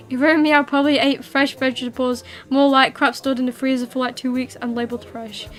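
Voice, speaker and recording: A woman's voice: high-pitched, level tone, moderate pace, faint music behind. A young woman hosting a livestream, chatting casually with her viewers in a rambling way full of fillers and restarts. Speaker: livestream host. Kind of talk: casual chat with viewers while streaming.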